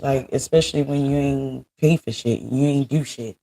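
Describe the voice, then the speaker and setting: A woman's voice: rumbling low, moderate pace, few pauses, background noise. A woman in her thirties ranting to her viewers in a casual vlog, blunt and heavy on profanity. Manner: blunt, profane, venting angrily. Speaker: vlogger.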